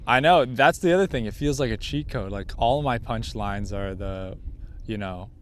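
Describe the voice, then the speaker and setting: A man's voice: fairly low pitch, moderate pace, a little hiss or hum. A man hosting a podcast in casual chat, thoughtful and a bit self-doubting with a wry edge. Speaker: podcast host.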